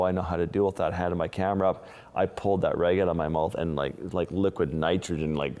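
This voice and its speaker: Low-voiced man telling diving stories. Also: a little mellow, big-room sound. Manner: casual, restarts phrases, vivid retelling. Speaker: underwater wildlife photographer. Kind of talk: interview storytelling.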